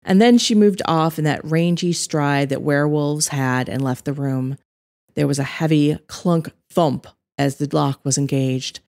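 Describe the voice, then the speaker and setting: A woman narrating a story as its author, in an even, measured reading. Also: low voice, creaky, no echo, clean studio sound.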